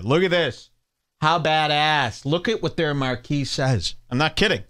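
A man with a high, bright voice rants through a comedy podcast, swooping wildly up and down as he mocks and insults people in the clips he plays. His tone stays sarcastic and cutting throughout. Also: expressive, measured pace. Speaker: podcast host. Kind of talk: ranting comedy commentary over clips.

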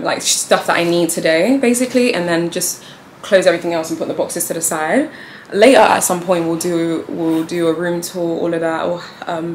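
A young woman talking casually to her viewers in a chatty vlog. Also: lowish voice. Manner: chatty and animated, talks to viewers. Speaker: vlogger. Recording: echoey room with noise.

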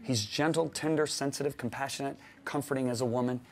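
A middle-aged man teaching a sermon, who swings from loud emphatic preaching to soft, quiet confession and acts out his own quoted words. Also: medium pitch, steady tone, quick pace.

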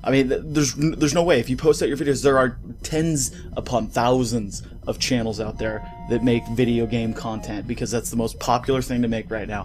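A man's voice: medium pitch, a little mellow. A man ranting in a casual vlog on a studio mic with a pop filter, heated, profane and rambling. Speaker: gaming YouTuber. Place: home recording setup.

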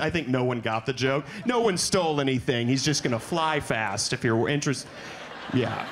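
A man doing a stand-up comedy set on a club stage, playful, often breaking into high panicked voices for his bits. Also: animated, normal speed, noisy background.

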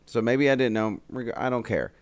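A young man co-hosting a casual podcast, telling stories in an animated way and swearing freely. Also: mid-range voice, moderate pace, no echo. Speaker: podcast co-host.

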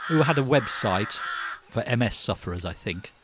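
A man's voice: mid-range voice, lively intonation, moderate pace, background noise. An older man, giving a wry, grumbling opinion monologue as a vlogger. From Britain.

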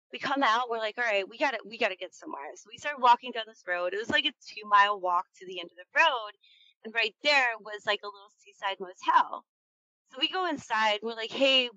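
A woman's voice: fairly high pitch, sharp tone, no room sound, highs cut off. A woman in her thirties telling a frightening true story in a casual, rambling way, full of fillers and swearing. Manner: tense, keyed-up retelling.

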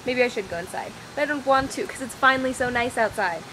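A woman's voice: a little high, quick pace. A young woman chatting casually in a scattered, rambling daily vlog, filmed outdoors on a windy, rainy walk. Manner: rambling, scattered, self-deprecating. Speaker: vlogger. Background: wind and outdoor ambience.

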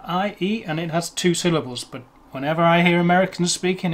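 A man with an English accent explains pronunciation in a casual lesson. He is chatty and self-deprecating, and slows down to sound out words carefully. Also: fairly high pitch, a bit bright. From England. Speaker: language teacher.

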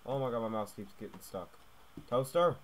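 A young man playing a stealth game and commenting as he goes, jumping between hushed muttering and loud yelps and tacking "mate" onto his lines. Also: medium pitch, moderate pace, slight background noise. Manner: excitable, swings from hushed muttering to yelling, keeps adding "mate". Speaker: gaming YouTuber. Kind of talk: let's play commentary.

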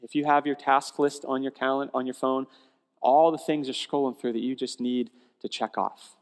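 A male pastor preaching a sermon in a conversational, animated storytelling way, often restarting phrases, in a church sanctuary. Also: medium pitch, normal speed, clear, resonant tone. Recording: long church hall reverb.

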